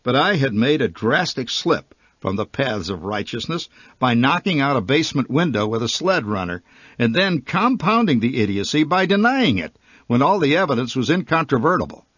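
A man tells his own comic story with a wry, vivid delivery. His voice is a bit husky and recorded close and dry. The old archival sound is dull and muffled. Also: medium pitch, big pitch swings, moderate pace, a bit bright, dry recording. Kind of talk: reading his own humorous short story.

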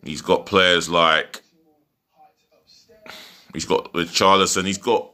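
A man's voice: low voice, steady tone, a little slow, pauses often, pushed and bright. A man giving a chatty, rambling football match preview from home, full of fillers and restarts. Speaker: football fan vlogger. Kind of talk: casual match preview vlog.

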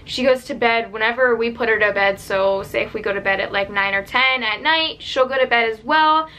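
A woman's voice: fairly high pitch, a little fast, bright, forceful tone, a little hiss or hum. A young woman vlogger chatting casually to camera with mom advice, rambling with lots of "like" and "um". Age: young adult. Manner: chatty, rambling, many "like" and "um" fillers.

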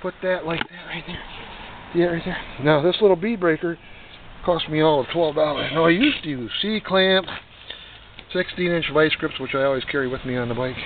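A man talks through a repair job in a loose, folksy way, drifting into joking asides as he works. His voice sits in an ordinary middle pitch. The recording is thin and phone-like, picked up from a distance with clear noise behind him. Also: normal speed. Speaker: DIY motorcycle repair vlogger. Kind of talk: casual how-to demonstration. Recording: tinny distant noisy phone-like sound.

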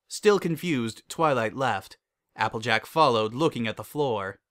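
Male narrator for a fan-fiction reading, measured and even. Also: medium pitch.

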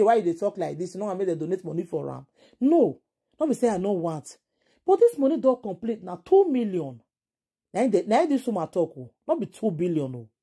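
A woman's voice: mid-range voice, dark tone, slightly rough. A woman with a Nigerian accent giving casual vlog commentary, indignant and exclaiming, firing off rhetorical questions. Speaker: entertainment vlogger.

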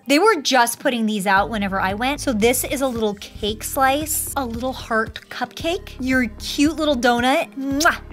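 A woman showing off a shopping haul, bubbly and gushing with excitement. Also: high voice. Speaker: haul vlogger. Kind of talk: product haul show-and-tell.

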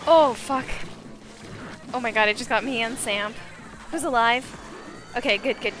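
A woman streaming a game live, chatting casually and reacting excitably to the action. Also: on the high side, unhurried, music in the background. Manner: animated, excitable, squeals and laughs at the game.

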